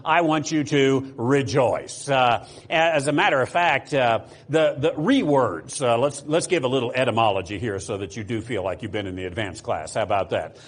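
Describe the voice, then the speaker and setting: A man's voice: medium pitch, fairly quick, hardly any pauses. A man from the United States preaching a sermon, talking casually with fillers, restarts and rhetorical questions to the congregation. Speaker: pastor.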